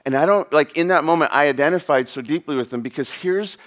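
A man's voice: a little high, fast talker, a bit bright. A man in his thirties preaching a sermon in a casual, rambling way, full of fillers and asides. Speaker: pastor.

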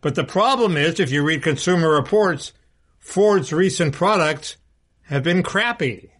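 A man's voice: on the high side, animated, unhurried, a bit bright. A man co-hosting a casual political podcast, talking bluntly and restarting his sentences often. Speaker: co-host.

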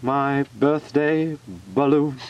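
A man voicing a gloomy, self-pitying old male donkey with a deadpan delivery in a radio comedy story reading. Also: mid-range voice, slow, smooth, highs cut off. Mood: mournful.

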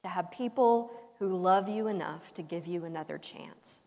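A woman's voice: fairly low pitch, gravelly. Woman preacher in a reverberant hall. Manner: humorous storytelling with dramatic pauses; swings between loud emphasis and soft hushed lines. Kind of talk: sermon. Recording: long reverb of a large hall.

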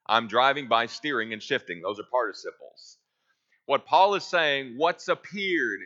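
Bright-voiced man teaching a Bible lesson. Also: mid-range voice, dull audio. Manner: asks the class questions and answers them himself.

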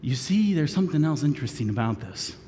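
A man preaching a sermon, retelling a story theatrically and swinging between shouts and whispers. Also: fairly high pitch, sing-song, fast, a little hiss or hum. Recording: long reverb of a large room.

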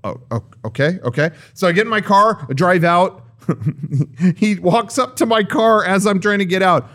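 A man's voice: high voice, unhurried, fairly bright tone. A man co-hosting a comedy podcast, telling a story and acting out other people's lines in exaggerated voices. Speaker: podcast co-host.

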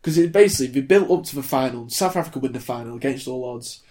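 A man's voice: mid-range voice, fast. A man in his twenties co-hosting a casual chat, reviewing films in a blunt, wry way. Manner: blunt, wry, animated when ranting. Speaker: podcast co-host reviewing films.

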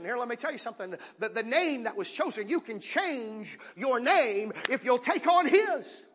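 A high, bright-toned male pastor with a husky edge preaches with fervor, swinging between quiet asides and shouted calls to the congregation. His voice rings through a church sanctuary with a long, trailing reverb. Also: very animated, normal speed, hardly any pauses. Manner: impassioned, rising to shouts with audience call-outs. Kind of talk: sermon.

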